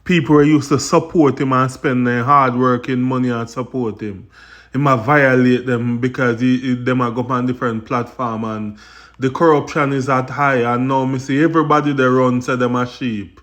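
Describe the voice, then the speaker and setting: A man's voice: mid-range voice, steady tone, moderate pace, a bit bright. A man with a Jamaican accent hosting commentary on video clips, addressing viewers in patois with an indignant, explaining tone. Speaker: commentary host.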